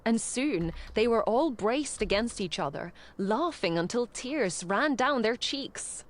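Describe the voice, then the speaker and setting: A woman narrating an audiobook with expressive, scripted storytelling. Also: fairly high pitch, slow.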